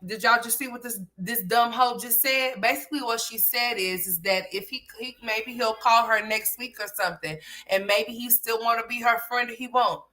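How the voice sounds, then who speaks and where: A woman's voice: a little high, normal speed, hardly any pauses, bright, forceful tone. Blunt, sassy woman doing reaction commentary. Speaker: commentary host.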